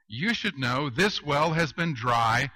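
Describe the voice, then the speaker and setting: A man's voice: medium pitch, expressive, slow, bright, forceful tone, no echo, full character voice. A man voicing a bewildered, blunt Samaritan woman at a well in a sermon story, with an incredulous, dry manner.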